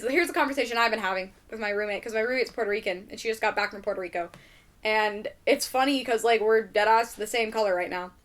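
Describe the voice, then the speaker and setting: A young adult woman hosting a podcast in casual chat, ranting animatedly and swearing a lot. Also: a little high. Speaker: podcast host.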